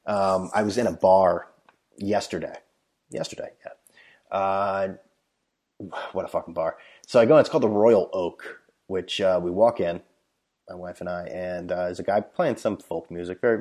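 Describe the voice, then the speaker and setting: Deep husky man telling a bar story. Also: warm tone. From United States. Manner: blunt, profane, rambling with frequent restarts. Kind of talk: casual storytelling monologue. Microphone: headphone microphone.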